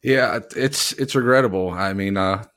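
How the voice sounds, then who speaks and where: Man with a low voice, hesitant and halting in casual conversation. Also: a bit bright. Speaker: wrestler, conversation partner. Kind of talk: casual chat.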